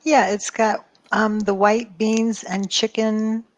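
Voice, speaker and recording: A woman from Ohio chats on a livestream in a dry, teasing way. Her voice sits at a medium pitch and is recorded dry and close. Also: flat delivery, slow, dry recording. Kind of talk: casual chat.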